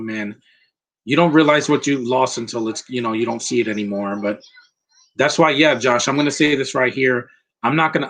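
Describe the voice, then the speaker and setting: A man's voice: medium pitch, fairly bright tone. A man giving a casual live movie commentary, talking in a sentimental, rambling way and getting emotional.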